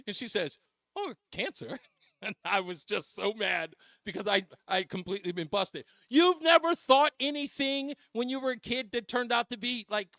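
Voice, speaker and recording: A man hosting a radio talk show, telling stories in an animated way and laughing often. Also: very high-pitched, no room sound. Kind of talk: casual talk radio storytelling.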